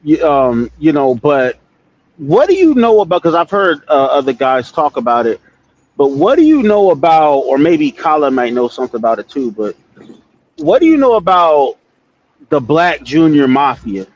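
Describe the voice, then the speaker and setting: A man from the US West Coast calling into a stream, asking questions haltingly with many ums and restarts. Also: a little high, very animated, a little mellow. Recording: dull, dry streamed audio.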